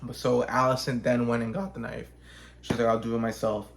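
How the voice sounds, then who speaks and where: A man's voice: mid-range voice, level tone, vocal fry, a little hiss or hum. Man telling a loose, profane story. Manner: acts out characters with quick voice changes. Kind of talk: casual chat.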